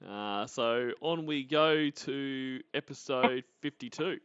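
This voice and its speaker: A man hosts a live stream in a casual way, his mid-range voice relaxed and chuckling. His phrasing is loose, as if talking to his viewers on the fly. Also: medium pitch, slow pace, clear, resonant tone, dry recording, dull audio. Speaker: stream host.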